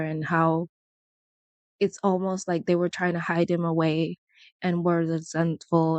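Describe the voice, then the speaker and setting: Low-voiced chatty woman vlogger, dry sound. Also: no room sound. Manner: chatty, rambling, laughs often, quotes people in voices. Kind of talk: casual chat to camera.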